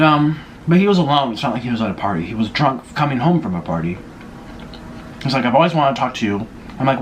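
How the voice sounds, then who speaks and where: A young man with a medium-pitched voice vlogs casually in a mukbang-style chat, eating as he gossips with his viewers. His manner is chatty and gossipy, and there's slight background noise.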